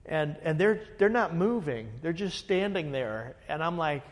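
A man, a pastor, telling a story in a lively way and acting out the dialogue. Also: fairly high pitch, measured pace, long reverb tail. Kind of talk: animated storytelling.

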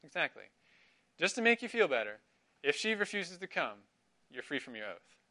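A middle-aged man leads a Bible class, his bright voice swinging widely up and down as he quizzes the room and affirms each answer. He speaks in a fairly high register, with a clear, lively delivery. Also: moderate pace. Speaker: Sunday school teacher.

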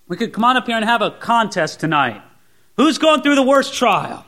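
A pastor delivers a sermon in a high, bright-sounding male voice. His pitch rises and falls a great deal. He moves between soft, low asides and raised, emphatic lines. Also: very animated, normal speed.

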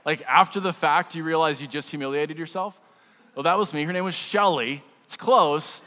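A man with a slightly high voice preaches to his congregation in a relaxed, joking way, often restarting his sentences. His voice rings out with a long reverb, as in a large church sanctuary. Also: normal speed. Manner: conversational preaching with humor and repeated restarts. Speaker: pastor. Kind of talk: sermon.

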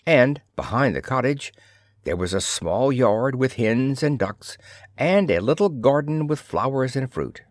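Man reading a fairy tale out loud, slow, lots of melody in his voice, dead dry close mic. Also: medium pitch, no echo. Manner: measured, expressive storytelling. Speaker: narrator. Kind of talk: fairy tale read aloud.

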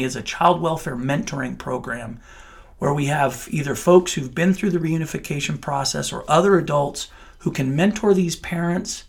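A middle-aged man in child welfare answers interview questions earnestly and from the heart, restarting often. His voice is fairly high with vocal fry.

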